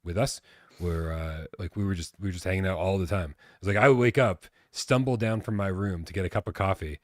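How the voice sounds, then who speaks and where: Low-voiced man rambling on a live stream. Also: fairly quick, dry recording, clean studio sound. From Boston area. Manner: rambling, swears, reads chat aloud. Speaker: podcast co-host. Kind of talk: casual live-stream chat.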